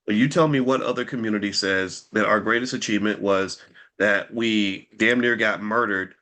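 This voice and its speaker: A man talking straight to his viewers in unscripted commentary, animated and rhetorical, piling up pointed questions and restarting his words as he goes. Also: fairly low pitch, moderate pace.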